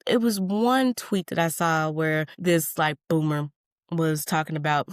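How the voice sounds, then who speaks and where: A woman's voice: lowish voice, expressive, normal speed, smooth, dry recording, clean studio sound. A woman in her thirties hosting a solo podcast, candid and profane, drifting between tangents and calling listeners honey. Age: 30s. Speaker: podcast host.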